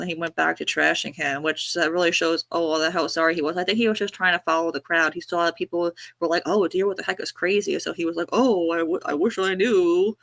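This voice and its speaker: Gravelly-voiced chatty woman on a livestream. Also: sits low, pushed and bright, dry recording, studio quality. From New York. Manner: chatty, drifting, lots of likes and fillers. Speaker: livestream co-host. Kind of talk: casual gossip chat.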